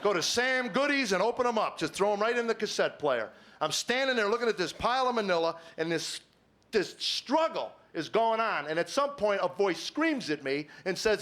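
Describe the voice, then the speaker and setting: A middle-aged man doing stand-up, telling a story and acting out the dialogue with lively voice shifts. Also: high voice, normal speed. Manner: animated, acts out dialogue with voice shifts. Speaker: stand-up comedian. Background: audience laughter.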